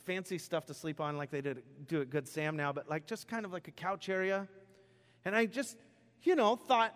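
Man, pastor, sermon, self-deprecating storytelling, long hall reverb. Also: fairly high pitch. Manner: animated, self-deprecating storytelling with sudden loud outbursts. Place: church sanctuary.

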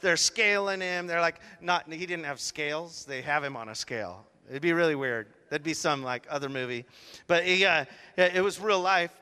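Lively high-voiced man preaching in a hall. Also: moderate pace, smooth. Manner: animated, chatty storytelling with asides. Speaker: pastor. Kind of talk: sermon.

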